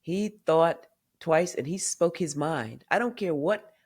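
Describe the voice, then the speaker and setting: A woman's voice: deep voice, expressive, unhurried, a little mellow, slightly rough. An older woman from the American South, a memoir author and podcast guest, telling family stories candidly and acting out what her relatives said. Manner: candid storyteller who acts out quoted family members. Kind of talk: podcast interview storytelling.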